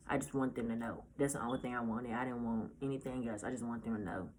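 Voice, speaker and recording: A nineteen-year-old woman telling a personal story in a casual, halting way, often restarting her sentences. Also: rumbling low. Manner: halting, hesitant, with many restarts; casual, informal speech. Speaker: vlogger.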